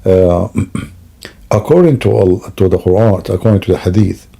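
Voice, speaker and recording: Sleepy and yawning, a Christian apologist streamer talks to his live-stream audience from home at night in a casual monologue. His low, creaky, dark voice moves at a moderate pace as he rambles with broken grammar and lots of fillers.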